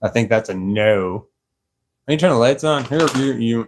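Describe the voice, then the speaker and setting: A young man rambling slowly on a live stream from his sofa, tired and a little slurred, laughing often. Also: medium pitch, expressive, slight background noise. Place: dark room on a sofa at home. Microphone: clip-on microphone.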